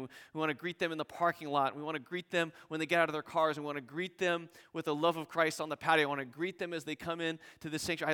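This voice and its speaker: A man preaching a sermon as pastor, animated, acting out scripture dialogue with rising intensity. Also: a little high, smooth, long reverb tail.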